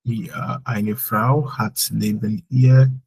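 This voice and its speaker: A man teaches German in a live online class. His voice sits a bit low, with a gravelly, husky grain. He explains sentence order patiently and leans on "like" as he thinks aloud. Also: steady tone, very slow, a little mellow, poor audio. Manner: explains with many "like" fillers.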